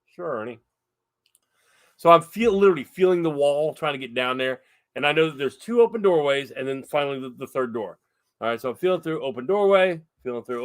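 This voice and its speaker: A man in casual chat, retelling a scary ghost-hunting moment with animated outbursts. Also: a little high, dry recording, clean studio sound. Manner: animated, breaks into excited quoted yells. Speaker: paranormal investigator co-host.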